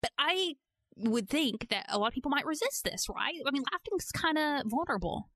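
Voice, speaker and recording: Playful, animated woman podcast host. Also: high voice, fairly quick, dry recording. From Georgia, US. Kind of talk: casual podcast narration.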